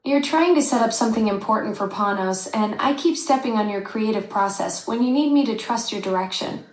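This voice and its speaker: A woman's voice, an AI companion, speaking in agreeable, apologetic replies. Her pitch sits in the middle, neither high nor low. The sound carries a noticeable roomy echo. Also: brisk. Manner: apologetic, agreeable, smoothly even. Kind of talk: conversational assistant replies.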